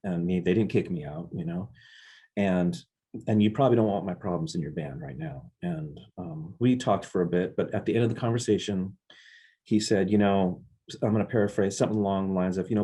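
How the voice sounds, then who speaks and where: A man's voice: deep voice, fairly quick, mellow, husky. A man, a drummer being interviewed, earnestly telling reflective stories about his music career. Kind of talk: casual interview storytelling.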